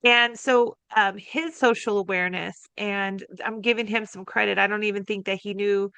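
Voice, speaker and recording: A middle-aged woman co-hosting a podcast, telling a family story in an expressive, emphatic way and laughing easily. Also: mid-range voice, moderate pace, vocal fry, clear, resonant tone, no room sound. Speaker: podcast co-host. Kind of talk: casual conversational podcast talk.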